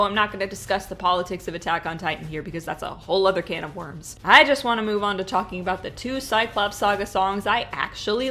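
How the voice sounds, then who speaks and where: A woman's voice: mid-range voice, pushed and bright. Wry woman nitpicking a review. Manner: opinionated, nitpicking, dryly humorous. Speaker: video essay host. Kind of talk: scripted review commentary.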